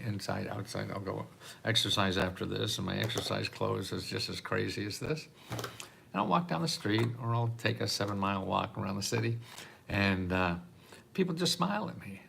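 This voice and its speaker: Gravelly older man rambling earnestly. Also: on the low side, brisk, a little hiss or hum. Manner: rambling, repeats words, often laughs softly. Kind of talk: casual monologue to camera. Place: apartment in a city.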